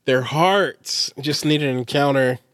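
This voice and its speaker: A man's voice: medium pitch, takes it slowly, a bit bright, no echo. Chatty man on a dry mic. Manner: rambling, self-deprecating, laughs often. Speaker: podcast co-host. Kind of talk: casual podcast chat.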